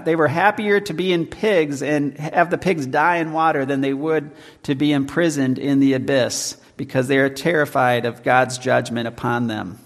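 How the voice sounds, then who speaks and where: Man preaching, fairly high voice, measured delivery, slows for scripture readings, long church echo. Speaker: pastor. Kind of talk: sermon.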